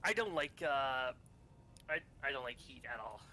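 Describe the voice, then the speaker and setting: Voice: medium pitch, big pitch swings, normal speed, pushed and bright. A speaker from Canada chatting casually during a game, teasing and laughing often. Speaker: gaming co-player. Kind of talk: casual chat while gaming.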